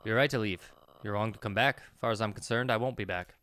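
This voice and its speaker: A surly, rough stranger from a game who talks bluntly and dismissively, calling people mate, as a man puts on a vague accent for him. The delivery moves around in pitch. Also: animated, fast talker, bright, forceful tone, no room sound.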